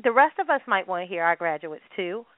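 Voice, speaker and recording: A woman co-hosting a casual chat, animated and emphatic, laughing often. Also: lowish voice, a little fast, dry recording. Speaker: co-host. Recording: tinny phone-like sound, dry.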